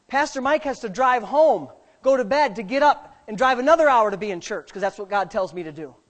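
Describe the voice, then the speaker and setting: Fervent pastor preaching. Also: male voice, very high voice, expressive, a little fast. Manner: fervent, swinging from quiet to shouting. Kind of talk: sermon.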